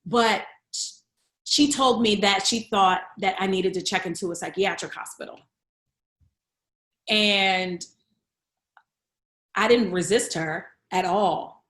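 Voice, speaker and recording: A woman, a guest comedian, telling a candid personal story in a chat, acting out the voices of the people in it and swinging between hushed and loud. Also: mid-range voice, slow, long pauses, reverberant.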